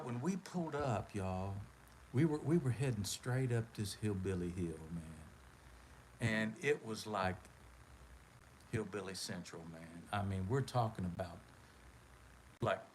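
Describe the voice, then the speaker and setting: A man's voice: lowish voice, a little hiss or hum, poor audio. A man hosting a live stream, telling a long story in a rambling, laid-back way. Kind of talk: casual storytelling.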